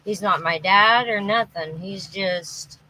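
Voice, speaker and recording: A woman's voice: medium pitch, takes it slowly, bright, forceful tone, a little hiss or hum, rough recording. Rattled woman rambling on a livestream. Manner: anxious and rattled, rambling with restarts. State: exhausted. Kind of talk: rambling live-stream monologue. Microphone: phone or webcam livestream.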